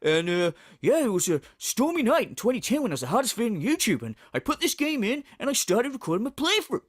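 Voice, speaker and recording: A man's voice: very high-pitched, big pitch swings, no echo, studio quality, pitched above the performer's own voice, exaggerated voice. A man doing a mocking impression of a self-important male streamer who rambles and drags out his sign-offs. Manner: rambling, drawn-out "you guys" endings.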